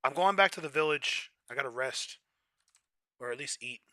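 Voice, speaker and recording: A young man chatting casually while he plays a game on stream, loud in his reactions and often clearing his throat. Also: medium pitch, moderate pace, no room sound, clean studio sound. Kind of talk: casual gameplay commentary.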